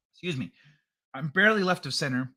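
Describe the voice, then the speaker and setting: Man, livestream host, bright edgy voice, somewhat high, rambling, swearing, casual chat. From California. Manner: rambling, swears freely, reacts to chat messages.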